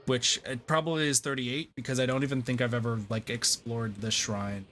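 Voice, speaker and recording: A man's voice: mid-range voice, steady tone, moderate pace, bright, forceful tone, faint music behind. A man streaming a game, giving casual, rambling, self-deprecating commentary with lots of fillers.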